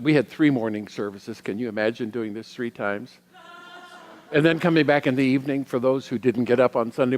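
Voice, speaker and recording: A middle-aged man giving a sermon as a guest minister. He tells personal stories in a reflective way, with pauses. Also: medium pitch. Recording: long hall reverb.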